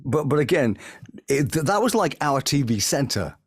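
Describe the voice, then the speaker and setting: A man, a voice actor, telling lively anecdotes in an interview and slipping into impressions as he talks. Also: fairly high pitch, normal speed, husky, no echo, studio quality. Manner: animated, breaks into impressions mid-story. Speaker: voice actor guest. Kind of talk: anecdotal storytelling.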